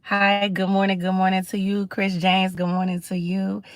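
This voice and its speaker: A woman's voice: medium pitch, completely flat delivery, moderate pace, dry recording, studio quality. A middle-aged woman hosting a casual livestream, talking in a chatty, preachy way and greeting viewers. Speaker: livestream host.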